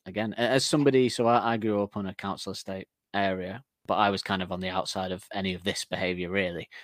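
Male podcast co-host, low voice, rambling and self-deprecating, laughs a lot, dry close mic. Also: steady tone, fast, no room sound. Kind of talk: casual music podcast chat.

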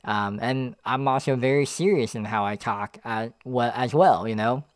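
A young man with a smooth, clear voice talks casually on his podcast, rambling and self-deprecating, his words full of fillers. The sound is dry and close, with no room echo. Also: medium pitch, normal speed. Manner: rambling, many fillers like "like" and "you know". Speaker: podcast host. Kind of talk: casual reflective monologue.

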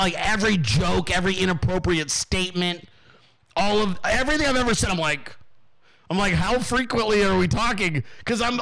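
A man hosting his own show, telling a story in a casual, profane, animated monologue. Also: high voice. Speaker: podcast host.

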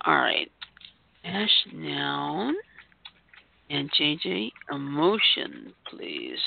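A chatty podcast host runs a word game and calls on the players one by one. The voice is unhurried and gravelly, and its pitch rises and falls in wide swings. It comes through a thin, tinny, phone-like line. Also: big pitch swings, no room sound. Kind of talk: casual podcast game hosting.

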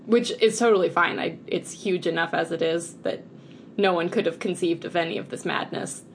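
A woman co-host chatting casually, her voice on the lower side for a woman. She rambles through long explanations, breaking into laughter often. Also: moderate pace, gravelly, slight background noise. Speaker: podcast co-host. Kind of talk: casual chat.

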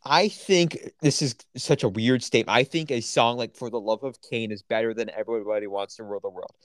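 A man talking on a podcast in a relaxed, chatty way, keen and full of opinions. His voice sits at an average pitch and sounds close and completely dry, with no room around it. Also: brisk, no echo. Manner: enthusiastic, opinionated, lots of fillers. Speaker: podcast co-host. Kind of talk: casual chat.

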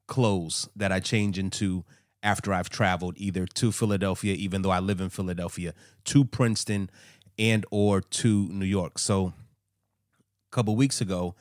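Low-voiced man, rambling podcast co-host. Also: no room sound, clean studio sound. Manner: loose, rambling storytelling with fillers. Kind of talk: casual chat.

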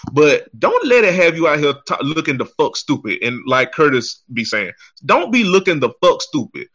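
Heated ranting man, bright and lively. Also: fairly high pitch. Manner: heated, exasperated, swears heavily. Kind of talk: profane ranting commentary.

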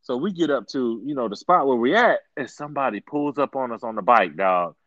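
A man's voice: medium pitch, brisk, no echo, highs cut off. A man in casual chat, telling stories with lots of laughter and repeated slang. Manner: animated storyteller, says "dog" often, laughs while telling.

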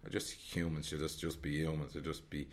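A Dublin man with a Dublin Irish accent talks about solo travel in a very low, rumbling voice, keeping a level tone and a brisk pace. A vlogger from Ireland, he speaks frankly and reflectively, rambling and repeating phrases.

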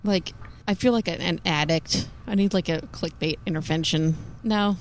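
A woman's voice: on the low side, moderate pace, slight background noise. Profane joking female podcast host. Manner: profane, joking, self-mocking. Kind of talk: casual podcast banter.

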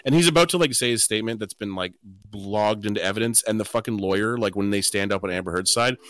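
Bright-voiced man telling stories. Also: fast, no room sound, studio quality. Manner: laughing storyteller, mimics a mumbling witness in a low quiet voice. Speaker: podcast co-host. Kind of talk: casual chat.

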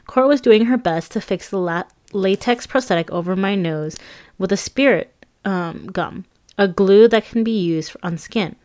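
A woman reading her own memoir aloud as an audiobook, in a conversational, lively and self-mocking way. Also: mid-range voice, unhurried.

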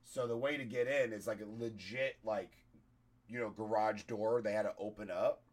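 A hoarse-voiced man, a comedian, telling a story in casual, profane podcast chat. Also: fairly low pitch, fairly even intonation, moderate pace.

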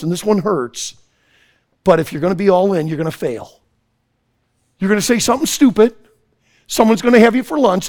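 A man preaching an impassioned sermon to young people, swinging from hushed tones to shouting. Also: high voice. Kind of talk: sermon to a youth audience.

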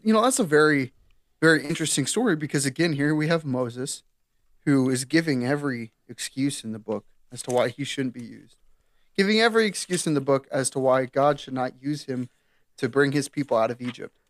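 On a casual faith podcast, a male co-host reads scripture aloud and then retells it with laughter, playing up the story with modern slang. His mid-range voice moves a little fast and stays animated.

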